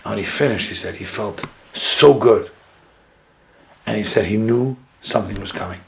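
A man giving a sermon as a rabbi, retelling a story dramatically, his voice jumping higher at key moments. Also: normal speed, creaky, rough recording.

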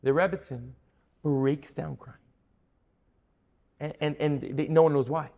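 A man telling a story in a sermon as a Torah teacher, dramatic, dropping to a hush and then rising to emphatic peaks. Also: on the high side, fairly even intonation, a little slow, in a large hall. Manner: dramatic, swings from hushed to emphatic.

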